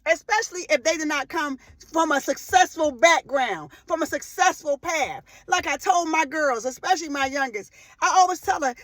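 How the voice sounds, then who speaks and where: A woman in her forties giving a faith-based motivational talk, emphatic and impassioned, repeating phrases for weight and breaking into loud emotional bursts. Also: sits high, animated, a little fast, no room sound. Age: 40s. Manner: rises to loud emotional outbursts. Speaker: motivational speaker.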